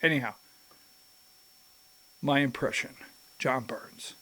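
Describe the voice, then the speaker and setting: A man hosting a politics show in an unhurried, drawn-out delivery, with a voice that sits somewhat high for a man. He rambles, restarts his sentences and throws in pointed asides. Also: a bit bright. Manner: rambling, self-interrupting, emphatic asides. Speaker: host.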